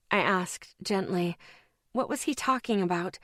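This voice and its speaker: A woman narrating a paranormal audiobook in first person, with a measured, intense, emotional reading on a close studio mic. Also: mid-range voice, a bit bright, dry recording.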